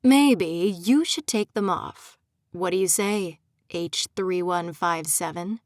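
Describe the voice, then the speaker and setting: A woman voicing a cold, sadistic young male fae captor in an audiobook, with a low, husky, purring voice and a slow, mocking, menacing way of talking. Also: dry recording, clean studio sound. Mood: leering.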